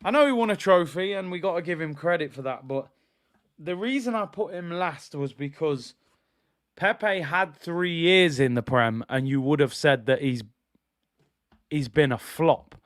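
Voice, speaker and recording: A man's voice: on the high side, unhurried, no echo, studio quality. A man hosting a live football watch-along stream, giving opinionated chat and reading viewers' messages aloud.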